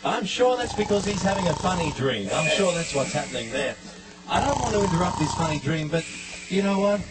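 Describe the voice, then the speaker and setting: A man's voice: a little high, lively intonation, a little fast. A man entertaining children at a live concert, enthusiastically rallying the audience. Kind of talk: live show patter to audience. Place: concert auditorium. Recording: live concert with loud music.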